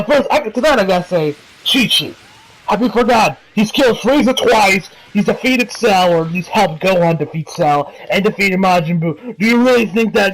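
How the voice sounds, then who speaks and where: High-voiced man rambling through an anime review. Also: a bit bright, low-quality recording. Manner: rambling, profane, many fillers. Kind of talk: casual episode review.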